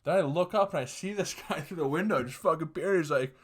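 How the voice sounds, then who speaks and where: A man's voice: fairly high pitch, fast, husky. A young man in his twenties rambles through a crude personal story. He swears freely and often breaks into laughter, with a loose, casual delivery. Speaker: podcast host telling a story.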